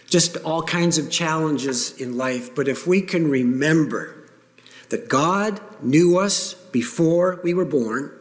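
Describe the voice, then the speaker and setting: A man preaching a sermon to his congregation, earnest and emphatic, with pauses for weight. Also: on the high side. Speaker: pastor. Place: church sanctuary. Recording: long reverb of a church hall.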